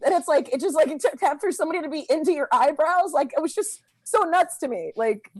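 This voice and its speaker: A woman's voice: high voice, expressive, fast. A woman comedian riffing crudely, peppering her talk with "like". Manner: crude, giggly, lots of "like". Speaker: guest comedian. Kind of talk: casual comedic banter.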